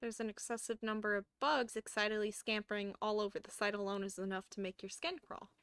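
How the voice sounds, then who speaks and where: A woman's voice: medium pitch, flat delivery, fast, fairly bright tone, smooth, no room sound. A woman streaming a horror game, casually chatting and reading on-screen text aloud, with the odd curse. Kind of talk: casual gameplay commentary.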